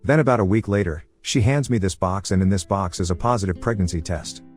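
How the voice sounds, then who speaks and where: A man reading an online story aloud in a casual first-person way, over soft guitar music. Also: deep voice, a little fast. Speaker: story narrator. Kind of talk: reading a reddit post aloud.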